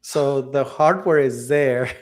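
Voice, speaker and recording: A man co-hosting a tech podcast, talking casually with many fillers and restarts. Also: medium pitch. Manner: halting, many fillers and restarts, laughs often. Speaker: podcast co-host.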